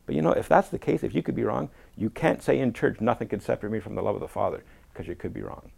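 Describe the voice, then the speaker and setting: Brief: male guest, emphatic and quick, gravelly edge. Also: lowish voice, lively intonation, darkish tone. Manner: emphatic, quotes people in acted voices. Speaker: guest apologist. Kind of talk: casual conversation.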